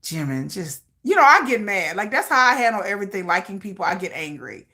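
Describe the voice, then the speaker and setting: A woman's voice: medium pitch, quick pace. A woman hosting a casual livestream, chatting with viewers in a dramatic, playful rant and laughing often. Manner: animated, laughing, reacting to viewer comments. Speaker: livestream host.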